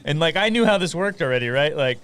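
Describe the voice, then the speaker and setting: A man co-hosting a casual talk show, telling an animated story full of quick asides. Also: a little high, clean tone. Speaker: podcast co-host. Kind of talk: casual chat.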